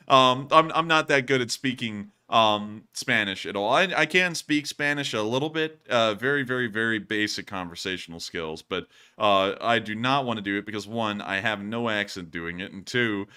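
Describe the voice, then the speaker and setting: A young man hosting a casual livestream and reading donations, animated and quick to laugh. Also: fairly low pitch, clean tone. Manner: animated, laughs often, swings loud and quiet.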